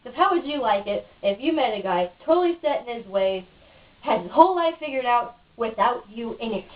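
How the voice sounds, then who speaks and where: A woman being interviewed in a casual home video, talking in a frustrated, cynical rant. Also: on the high side. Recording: dull lo-fi, mic at a distance.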